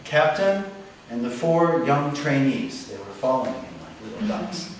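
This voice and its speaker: A man telling a story on stage in a dramatic, animated way, with pauses for effect, heard from a distant mic in a large echoey hall. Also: mid-range voice, crowd noise.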